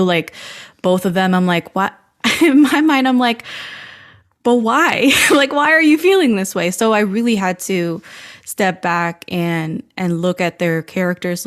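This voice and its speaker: A woman hosting a podcast, chatting freely with lots of "like" fillers and acting out her own inner thoughts as quotes. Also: fairly low pitch. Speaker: podcast host. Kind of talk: casual podcast chat.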